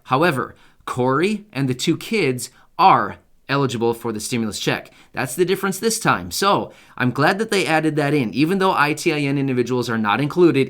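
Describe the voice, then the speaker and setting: A man in an ordinary middle register explains things to his audience in a relaxed, chatty way. He circles back and repeats the main points to make them stick. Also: mid-range voice. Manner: conversational, repeats key points for emphasis; speaks directly to viewers. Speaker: channel host. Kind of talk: casual explainer video.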